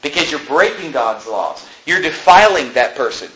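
A man's voice: fairly high pitch, sing-song, moderate pace, bright, forceful tone, muffled recording, a little hiss or hum. A man preaching a sermon as pastor, fervent and emphatic, hammering points home by repeating them. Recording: roomy echo.

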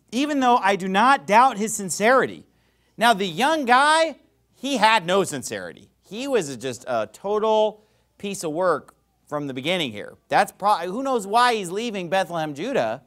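A preacher with a high, lively voice, reading scripture and breaking it down in a loose, sarcastic, conversational way. His tone swings up and down as he makes his points. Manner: casual, animated, sarcastic. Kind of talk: sermon, reading and explaining scripture.

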